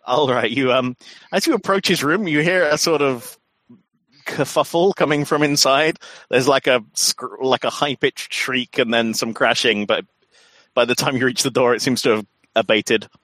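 A man's voice: medium pitch, moderate pace, fairly bright tone, no room sound. A man narrating a tabletop horror game as game master, in a loose, filler-heavy way.

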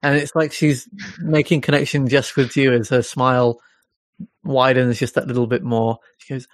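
A game master describing a scene in a tabletop game, halting and descriptive as the narration is thought up aloud. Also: medium pitch, little pitch movement, dry recording.

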